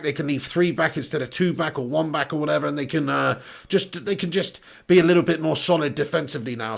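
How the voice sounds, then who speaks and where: A man hosting a live football watch-along, chatting casually, reading out viewer comments and breaking into excited play-by-play. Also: fairly high pitch, gravelly.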